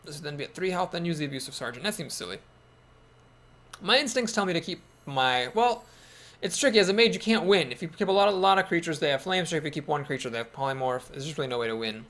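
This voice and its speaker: A man talking through a card game as he plays, wry and full of second-guessing. His voice sits a little high with a gravelly edge, and it swings up and down lively as he thinks aloud. It sounds like easygoing commentary. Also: fast talker. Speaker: gameplay commentator.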